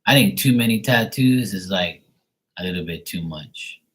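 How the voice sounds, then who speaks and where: A man's voice: low voice, moderate pace, a bit bright, husky, poor audio. A man hosting a livestream, telling a rambling story in blunt, profane casual chat. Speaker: livestream host.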